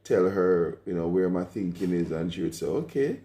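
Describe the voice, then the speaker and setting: A Jamaican man in his forties, co-hosting a vlog and recalling the past in a measured, reflective way. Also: sits low, little pitch movement, dark tone. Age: 40s. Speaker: vlog co-host. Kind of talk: casual conversation. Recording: echoey room.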